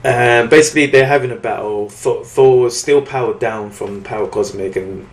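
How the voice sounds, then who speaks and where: A British man recapping a comic book in casual chat, with lots of fillers, restarts and quick acted-out quotes. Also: medium pitch, echoey room. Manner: rambling recap with many fillers and restarts, acting out lines in quotes. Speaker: podcast co-host reviewing comics.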